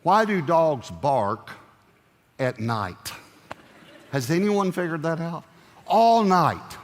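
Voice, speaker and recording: Animated male pastor preaching in an echoey hall. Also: fairly high pitch, takes it slowly. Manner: animated, joking storyteller. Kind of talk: sermon.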